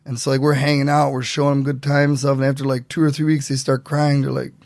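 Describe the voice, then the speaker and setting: A man telling stories as a podcast guest in a casual, animated way, acting out what other people said. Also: mid-range voice, fast, vocal fry, dry recording. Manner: animated, acts out quotes in voices. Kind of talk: casual storytelling.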